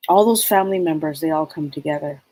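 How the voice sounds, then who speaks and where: A woman giving a live spirit reading as a psychic medium, rambling and halting with many fillers. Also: low voice, dark tone, dry recording, rough recording.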